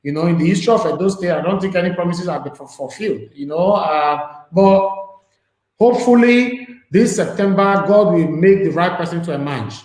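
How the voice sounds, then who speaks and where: This is a male host on a live online interview stream, his voice sitting fairly high for a man. He talks loosely and keeps dropping in "you know" and "um" as he goes. The room he's in gives everything a noticeable echo. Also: normal speed, a little mellow.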